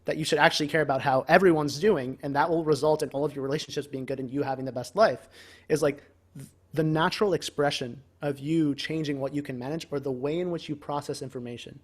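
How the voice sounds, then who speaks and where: A man's voice: fairly high pitch, fairly even intonation, quick pace. A man co-hosting a casual self-improvement podcast, talking in a rambling, emphatic way and swearing freely. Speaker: podcast co-host.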